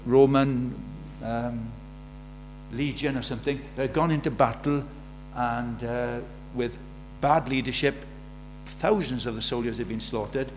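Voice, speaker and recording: A man's voice: medium pitch, steady tone, measured pace. A man preaching a sermon in a conversational way, asking the congregation rhetorical questions. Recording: faint mains hum.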